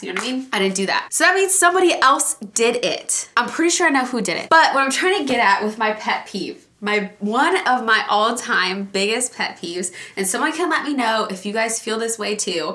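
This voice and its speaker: A woman vlogger chatting casually to viewers at home, animated and ranting about a pet peeve. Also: a little high, normal speed, few pauses. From Alaska. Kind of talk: casual vlog chat. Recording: echoey room.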